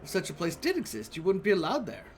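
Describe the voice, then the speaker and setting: A man's voice: sits high, wildly swooping pitch, fast talker, a little hiss or hum, pitched above the performer's own voice. A man voicing a prim, flustered woman librarian in a video game, sweet and evasive, calling people dearie. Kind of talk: reading game dialogue aloud.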